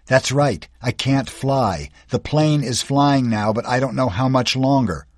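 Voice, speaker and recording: A man's voice: medium pitch, measured pace, dry recording, studio quality, natural voice. A man voicing a terrified thirteen-year-old boy stranded in a plane, pleading for help in an audiobook. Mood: desperate. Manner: pleading, voice cracking with panic. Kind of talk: audiobook character voice.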